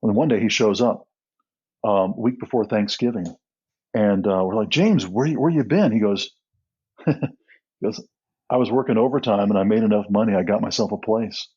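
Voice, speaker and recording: Middle-aged male guest, husky, earnest storyteller who restarts often, dull lo-fi sound. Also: on the low side, steady tone, moderate pace, pauses often. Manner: earnest, with frequent restarts and soft laughs. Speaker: guest, nonprofit co-founder. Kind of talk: storytelling in a podcast interview.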